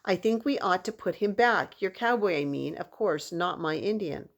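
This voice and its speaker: A woman's voice: fairly low pitch, animated, normal speed, gravelly. A woman voicing an anxious, protective boy who talks urgently. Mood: scolding. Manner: urgent, scolding.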